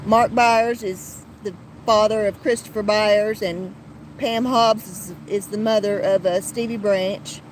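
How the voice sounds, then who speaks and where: Woman, podcast host, slow deliberate delivery, blunt and heated, faint traffic noise behind. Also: mid-range voice, fairly even intonation, poor audio. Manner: blunt and heated, with frequent restarts and profanity. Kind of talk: casual commentary podcast.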